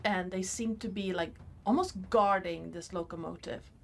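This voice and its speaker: A woman's voice: on the low side, gravelly, slight background noise. A woman narrating a tabletop game as game master, describing scenes loosely with many "like"s. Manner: unhurried, loose descriptions full of "like".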